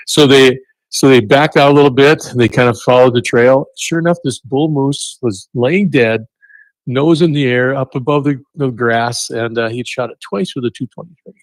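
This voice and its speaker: A man's voice: medium pitch, a little slow, no room sound. A man appearing as a radio show guest, chatting casually and telling a hunting story in an easygoing way. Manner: easygoing storyteller, chuckles at his own hunting tale.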